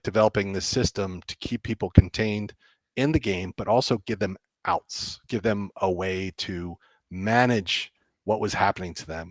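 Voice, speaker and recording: A man, a game developer, telling animated stories as a guest and acting out people's reactions with frequent laughs. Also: on the low side, no echo. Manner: excitable, acts out reactions, laughs often. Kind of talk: animated storytelling.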